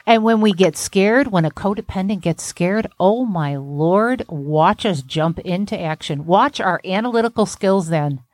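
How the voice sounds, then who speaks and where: A woman's voice: mid-range voice, measured pace, hardly any pauses, a little mellow. A woman therapist hosting a podcast, talking bluntly and emphatically with salty language. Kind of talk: candid podcast conversation.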